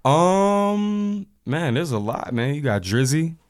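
A man in his thirties, a podcast guest, chatting casually in a laid-back, halting way with lots of fillers and restarts. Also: fairly high pitch, very animated. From Indianapolis area. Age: 30s. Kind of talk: casual chat.

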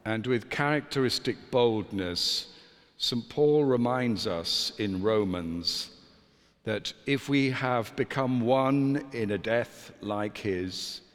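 A man, a priest, preaching a sermon in a measured, deliberate way with dramatic pauses. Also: fairly low pitch. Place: church. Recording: long church reverb.

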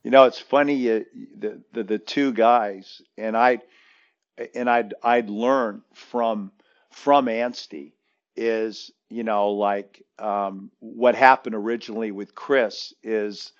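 A man's voice: fairly low pitch, steady tone, slow, dull audio. A man who coaches basketball, telling a long story in casual chat, rambling with many restarts and fillers.

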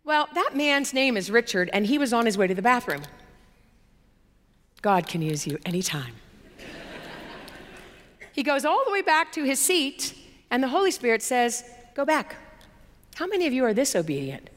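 A woman preacher giving a sermon testimony in an animated, storytelling way with emphatic repetitions. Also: fairly high pitch, normal speed, pauses often, long reverb tail.

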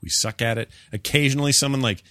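A man's voice: medium pitch, fast talker, no room sound, studio quality. A man co-hosting a casual movie review chat, opinionated and rambling. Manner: opinionated, rambling, animated riffs. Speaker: podcast co-host.

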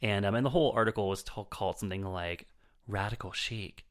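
Low, smooth-voiced man chatting casually. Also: fast. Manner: rambling, many fillers and restarts. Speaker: podcast film reviewer. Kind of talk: casual chat.

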